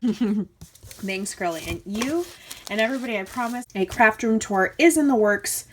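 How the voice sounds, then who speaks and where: A woman opening happy mail at her craft table, talking in a loose, gushing stream full of fillers. Her pitch sits in a plain middle range. Paper crinkles and clicks come through clearly under her voice. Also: expressive, moderate pace, slight background noise. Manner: gushing, chatty, lots of fillers. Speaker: craft channel host. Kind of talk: casual unboxing chat. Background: crinkling paper and clicks from handling mail.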